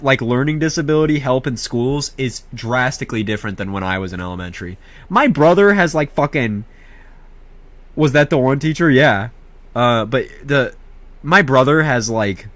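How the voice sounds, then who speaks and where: A young man telling a rambling, profane story in a casual, animated way, with many restarts. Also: medium pitch, dry recording. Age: young adult. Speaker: vlogger.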